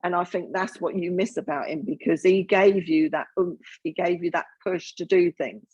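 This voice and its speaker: A woman serving as a spiritualist medium speaks in a low, husky voice. She talks in a halting, earnest way, full of fillers and restarts as she gives her reading. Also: darkish tone, dull audio.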